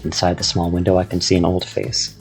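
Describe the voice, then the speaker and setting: A man reading a story aloud in the first person, with a measured, descriptive delivery. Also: deep voice, completely flat delivery, a little mellow, soft background music. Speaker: narrator.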